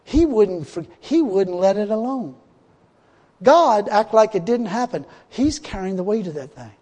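High-voiced folksy preacher in an echoing hall. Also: male voice, animated, unhurried. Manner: folksy, laughs often, swells to loud exhortation. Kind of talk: sermon. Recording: long hall reverb.

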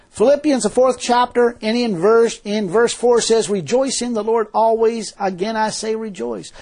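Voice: medium pitch, a little mellow. A preacher giving a sermon in a folksy, emphatic, colloquial way, full of rhetorical questions.

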